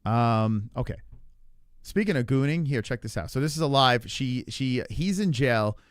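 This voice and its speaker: A man's voice: medium pitch, expressive, normal speed, dry recording, clean studio sound. Profane rambling male stream host. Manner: profane, rambling, reacting to clips. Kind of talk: casual livestream commentary.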